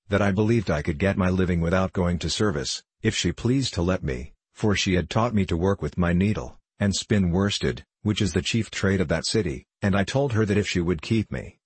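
A man narrating an old novel in a measured, steady way. His voice is very deep with a husky edge. The recording is close and dry. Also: no echo. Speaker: audiobook reader.

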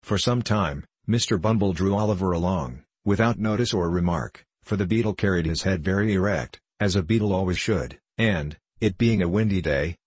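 A deep-voiced man reads a classic novel aloud in a measured audiobook style. His voice is husky, and the recording is close and dry. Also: no room sound. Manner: measured, even reading. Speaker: narrator.

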